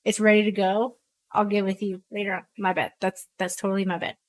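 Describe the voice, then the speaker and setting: A woman's voice: mid-range voice, level tone, brisk. A woman doing casual live commentary on a pool match, chatty and self-mocking, laughing often.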